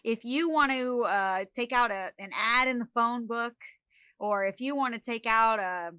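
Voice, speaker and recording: A woman, a social media expert guest on a podcast, talking in a lively, emphatic, joking way. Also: on the high side, measured pace, clean tone, no room sound. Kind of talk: casual interview chat.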